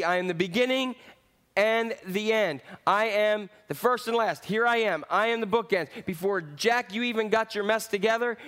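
A pastor preaching with a fairly high, animated voice. He calls out to the congregation, then drops to quiet, reflective moments as he talks through scripture. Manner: lively preaching with swings from loud to hushed. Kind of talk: sermon.

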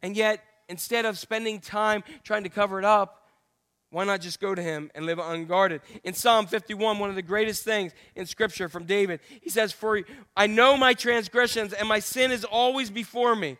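A middle-aged male pastor preaching a candid, self-deprecating sermon full of jokey asides and sudden high exclamations. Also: fairly even intonation, normal speed, pushed and bright. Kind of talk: humorous conversational sermon.

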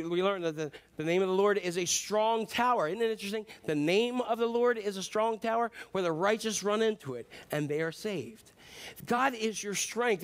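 A middle-aged male pastor with a high voice delivers an earnest sermon. He climbs into loud, emphatic bursts, then drops to soft, slow stretches.

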